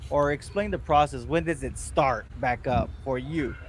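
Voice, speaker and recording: A man hosting a podcast who asks questions in a halting way and mostly gives brief affirmations. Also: mid-range voice. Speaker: podcast host. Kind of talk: interviewing.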